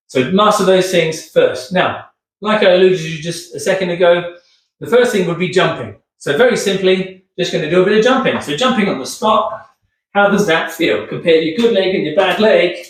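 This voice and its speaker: A man demonstrating rehab exercises in an upbeat, chatty way, keeps asking okay, getting out of breath. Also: high voice. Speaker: physio instructor. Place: room with hard floor. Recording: echoey room, distant mic.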